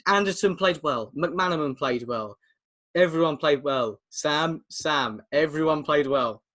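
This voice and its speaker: A young man with an English accent co-hosts a relaxed podcast, talking over a video call in a slightly raised pitch. He tells stories in a chatty way and laughs often. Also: measured pace. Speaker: podcast co-host. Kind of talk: casual chat.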